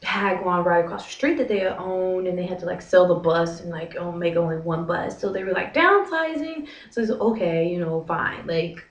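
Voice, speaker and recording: A woman's voice: on the low side, moderate pace, few pauses, far from the mic. A young American woman in her twenties, vlogging casually about her teaching job in a chatty, dramatic way full of fillers. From United States. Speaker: vlogger, English teacher in Korea. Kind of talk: casual talk to camera. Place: small windowless apartment room. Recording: echoey room, away from the mic.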